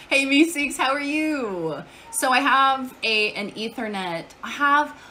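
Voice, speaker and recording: Woman, casual live-stream chat, bright tone, swears casually, faint noise behind. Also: fairly high pitch. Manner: chatty, swears casually, answers chat aloud. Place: at home.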